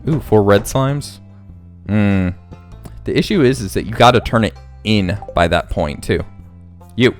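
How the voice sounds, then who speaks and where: A man's voice: fairly low pitch, expressive, measured pace, long pauses, faint music behind. A man hosting a casual let's play, rambling and thinking aloud as he plays. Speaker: gaming channel host.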